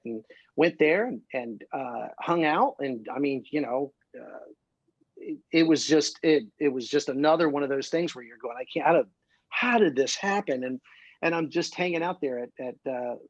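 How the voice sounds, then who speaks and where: A male musician guest from Ohio, telling excitable, rambling stories full of fillers in a casual interview. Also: mid-range voice, no room sound, muffled recording. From Columbus, Ohio.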